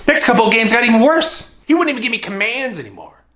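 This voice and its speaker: Lively man, bright voice, animated comedic storytelling, laughs at his own jokes. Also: very high voice, quick pace.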